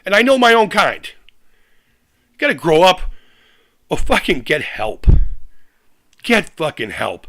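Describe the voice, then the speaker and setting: A man's voice: high-pitched, wildly swooping pitch, a little slow, long pauses, bright, forceful tone. A man on a live stream, angrily ranting with heavy swearing, repeating himself and restarting sentences. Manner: angry, profane, fired-up. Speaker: retro gaming YouTuber.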